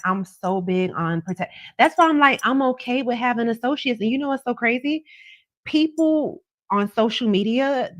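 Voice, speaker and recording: A woman's voice: mid-range voice, no room sound. A woman hosting a casual livestream, talking to viewers in a chatty, emphatic way and repeating her points as she gives advice. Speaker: psychic tarot reader livestream host.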